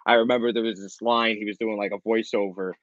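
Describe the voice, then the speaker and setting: A man's voice: lowish voice, steady tone, fast, dry recording, lo-fi sound. A young man, a comedian, telling stories in a casual interview with frequent laughs. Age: young adult. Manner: chatty storyteller, laughs often, slips into impressions. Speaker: guest, comedian and impressionist.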